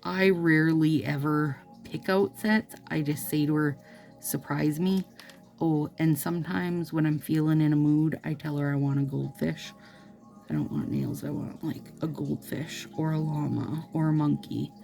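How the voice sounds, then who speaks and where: Chatty woman with a low gravelly voice. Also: normal speed, a little mellow, soft background music. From Minnesota. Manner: chatty, rambling, playful asides. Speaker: nail vlogger. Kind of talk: casual chat to camera while applying nail strips.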